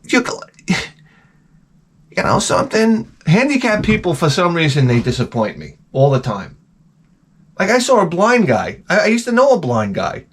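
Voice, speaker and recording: A middle-aged man hosting his own channel, giving a crude, profane comedic rant that swings from mutters to shouts. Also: high voice, huge pitch swings, measured pace, slight background noise. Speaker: channel host.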